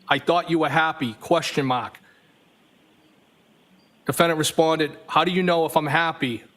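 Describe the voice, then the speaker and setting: A man's voice: fairly high pitch, a bit bright. A man testifying as a trial witness, reading text messages aloud evenly and speaking the punctuation marks.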